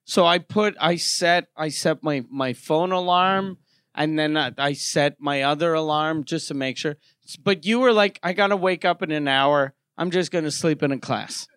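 High voiced quebec guy telling a story, swears a lot, does voices, dry close sound. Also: normal speed, smooth, no room sound. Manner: animated, swears freely, acts out quoted voices. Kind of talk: casual storytelling chat.

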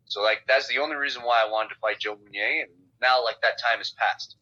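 A man's voice: medium pitch, a little fast. A man, a professional fighter, talking bluntly and profanely in a casual phone interview. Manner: blunt, profane, animated storytelling. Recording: dull lo-fi phone call audio.

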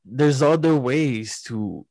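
A man's voice: mid-range voice, animated, slow, a little mellow. A man co-hosting a casual podcast chat, agreeable and chiming in with short replies and examples.

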